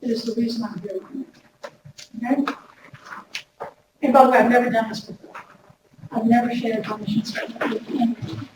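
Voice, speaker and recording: A woman giving a lively workshop talk to an audience, chatty and direct, often repeating her words. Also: fairly high pitch, brisk, pauses often. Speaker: workshop speaker. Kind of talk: lively workplace wellness talk. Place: large room before an audience. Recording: echoey hall recorded from far off with noise.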